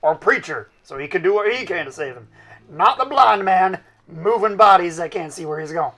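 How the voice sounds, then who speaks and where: A man with a gravelly, bright, fairly high voice plays in a tabletop game and scolds earnestly. Faint music plays behind him. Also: lively intonation, moderate pace. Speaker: player. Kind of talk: casual role-play chat.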